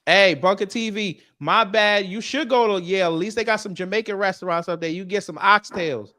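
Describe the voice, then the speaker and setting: A fairly high-voiced man hosts a casual talk show with loud, teasing humor. His voice sounds dry and close, with no room around it. He jokes and jabs at his co-host in a fast, lively back-and-forth. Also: no room sound. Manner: loud, joking, teasing banter. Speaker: podcast host. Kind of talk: casual comedic chat.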